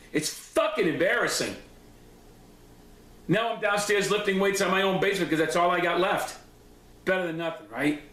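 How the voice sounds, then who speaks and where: Angry man, profane and confrontational, fairly high pitch, echoey home recording. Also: a bit bright. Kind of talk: angry personal recap monologue. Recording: echoey room.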